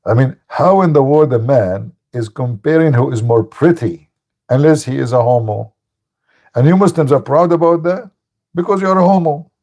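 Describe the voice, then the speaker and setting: On a live call-in stream, a man with a mid-range, darkish voice speaks at a moderate pace, delivering a combative, mocking, taunting monologue in broken English and laughing at his own jokes.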